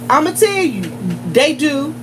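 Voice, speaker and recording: A woman's voice: high-pitched, expressive, a little slow. A woman chatting casually to her viewers from a gas station store, talking in a repetitive, rambling way. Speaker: store clerk vlogging at work. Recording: humming air conditioning noise. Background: air conditioner hum.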